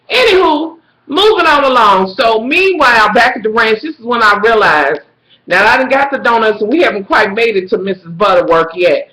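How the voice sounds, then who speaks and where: A woman telling a profane, dramatic story to her viewers, swinging between shrill squeals and low mutters. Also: animated, fairly quick, sharp tone, roomy sound, poor audio. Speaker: vlogger. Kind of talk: profane storytelling rant to camera.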